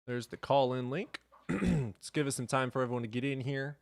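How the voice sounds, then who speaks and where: A man's voice: mid-range voice, normal speed, vocal fry, dry recording. A man hosting a live stream, chatting casually with his chat in a blunt, sarcastic and profane way.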